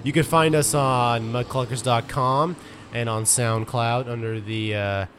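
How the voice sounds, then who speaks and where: A man's voice: mid-range voice, fairly even intonation, unhurried, fairly bright tone, a little hiss or hum. Young man, podcast host, casual chat, rambling, stumbles over repeated words.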